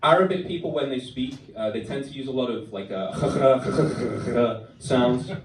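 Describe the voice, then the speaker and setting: Scouse comic, deadpan and self-mocking, lots of uhs, echoey club with crowd noise. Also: male voice, medium pitch, brisk. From Liverpool, England. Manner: dry, self-deprecating delivery with frequent "uh" fillers. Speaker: stand-up comedian. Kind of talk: stand-up set. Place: comedy club stage. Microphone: stage microphone. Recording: echoey club recording from a distance. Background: audience laughter.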